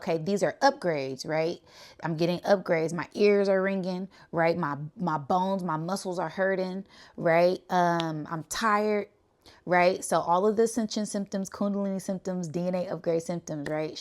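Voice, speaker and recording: A woman from the Bay Area who tells a spiritual story in a casual, animated way and keeps checking in with "right?". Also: fairly low pitch. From Bay Area, California. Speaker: spiritual channel host.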